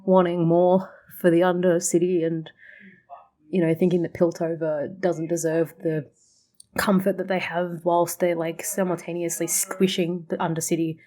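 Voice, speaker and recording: Chatty woman reacting, lower voice. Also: flat delivery, normal speed, dark tone. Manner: chatty, swears freely, laughs often, rambling. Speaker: reaction video host. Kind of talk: casual chat reacting to a show.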